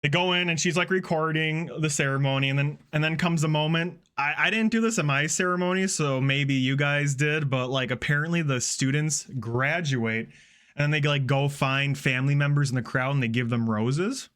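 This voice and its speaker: A young man streaming, recapping a string of online videos in a casual, profane, animated way. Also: a little high, normal speed, clean tone. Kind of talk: casual storytelling on a livestream.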